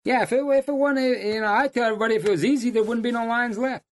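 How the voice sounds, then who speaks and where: A middle-aged man, a hunting guide, telling stories in casual chat with loud, high bursts when he quotes people. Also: quick pace. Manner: animated yarn-spinner, loud high bursts when quoting.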